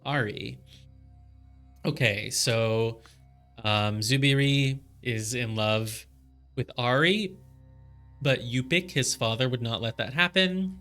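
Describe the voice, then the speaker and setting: Bright-voiced chatty male streamer. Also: mid-range voice, slow, long pauses, soft background music. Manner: chatty, puzzling aloud with many fillers. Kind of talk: live game commentary.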